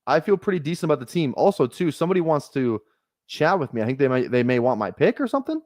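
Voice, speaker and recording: A man's voice: fairly high pitch, big pitch swings, fast talker, darkish tone, dry recording, clean studio sound. A man giving casual live-stream commentary on his fantasy football draft, rambling and correcting himself as he thinks aloud.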